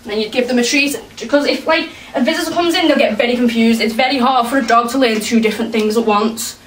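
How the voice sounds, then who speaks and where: A woman's voice: a little high, fast, recorded from a distance. A woman casually explaining how she trains her dog, talking in a hesitant, chatty way with fillers and restarts. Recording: echoey room, voice from afar, faint hiss.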